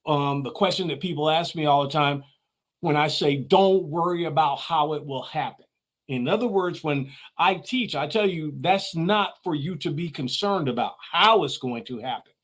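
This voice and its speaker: A middle-aged man with a slightly high voice delivers an earnest motivational talk. He leans hard on key phrases and repeats them for emphasis, in the manner of a preacher-like teacher. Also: animated, moderate pace. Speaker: motivational speaker, show host.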